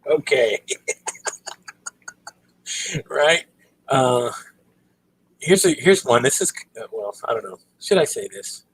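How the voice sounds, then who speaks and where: A middle-aged man with a husky, slightly rough voice chats casually on his own livestream. He tells stories in a loose, unhurried way, filling gaps with ums and checking in with "right?" His pitch sits in an ordinary middle range for a man. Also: low-quality recording. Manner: relaxed storytelling, many ums and "right?". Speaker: livestream host.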